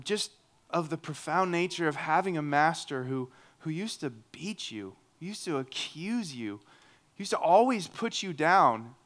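Clear-voiced man preaching a sermon. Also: fairly high pitch, fairly bright tone. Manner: earnest, conversational preaching with humorous asides. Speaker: pastor.

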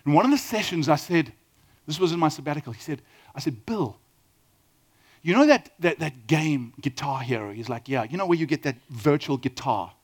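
A middle-aged man with a South African accent, preaching a sermon with lively storytelling and questions to the audience. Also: fairly high pitch, normal speed, husky. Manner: animated storytelling, asks the audience questions, acts out quoted dialogue. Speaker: pastor.

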